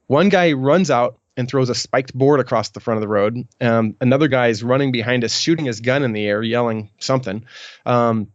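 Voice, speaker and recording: A man's voice: medium pitch, fairly quick, dry recording. Middle-aged male guest, rambling storyteller, dry close sound, a little muffled. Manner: rambling, many restarts and ums. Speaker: podcast guest. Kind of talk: storytelling in an interview.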